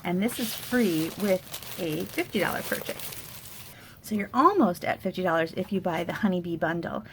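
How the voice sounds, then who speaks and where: An upbeat woman gives a casual crafting tutorial, chatty and friendly as she shows off each supply. Her voice has a gravelly, fry-tinged edge. A faint hum of noise sits under the recording. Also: on the low side, normal speed. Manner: upbeat, chatty product walkthrough. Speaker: card-making demonstrator.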